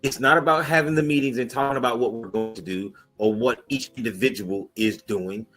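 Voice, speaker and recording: A man's voice: medium pitch, a little fast, poor audio. A man giving emphatic, insistent answers as a guest on a talk show, adamant and punchy in his delivery. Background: soft music bed.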